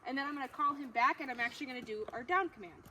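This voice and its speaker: A woman dog trainer explaining a training demonstration in a friendly way, breaking into high-pitched, excited praise for the dog. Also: racing. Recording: noisy background ambience.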